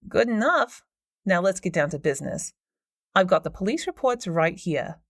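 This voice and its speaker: A woman's voice: lowish voice, very animated, moderate pace, dry recording. A woman narrator voicing a smug, pushy female paranormal investigator with a smarmy, know-it-all manner, in a dry, close recording.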